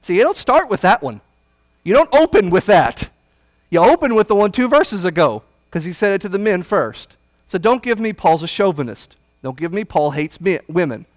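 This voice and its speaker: A man preaching a Bible study sermon, blunt and folksy, swinging from loud emphasis to hushed asides. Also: high-pitched, very animated, moderate pace, no echo.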